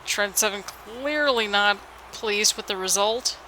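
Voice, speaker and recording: A YouTuber giving solo play-by-play for a wrestling video game on a headset mic, keeping the voice low because it is late at night. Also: slow, slight background noise, low-quality recording. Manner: keeps the voice low and hushed for late-night recording; hype play-by-play with frequent "people" call-outs. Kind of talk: solo game commentary in a wrestling announcer manner.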